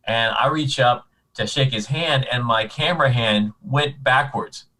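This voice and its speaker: A man's voice: mid-range voice, a little slow, poor audio. Chatty man telling a convention story. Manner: animated anecdotes, frequent restarts. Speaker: convention guest. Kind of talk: casual storytelling chat.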